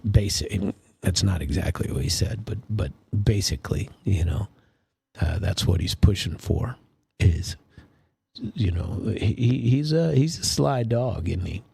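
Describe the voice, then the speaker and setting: A man's voice: lowish voice, lively intonation, a little slow, gravelly, darkish tone, slightly rough, no room sound. A man hosting a political commentary show, talking casually and rambling with many fillers and restarts. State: sleepy, yawning.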